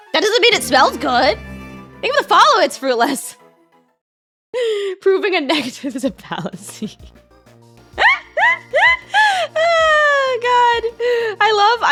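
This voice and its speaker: A woman's voice: high-pitched, pushed and bright. A young woman from Canada's west coast, streaming and chatting casually while gaming, giggly and rambling. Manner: giggly, rambling, lots of restarts and repeats.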